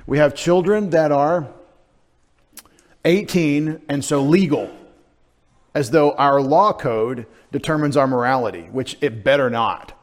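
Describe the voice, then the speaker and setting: A middle-aged man, preaching a sermon in a conversational, self-deprecating way, dropping into quiet asides. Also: on the high side, a little slow. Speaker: pastor.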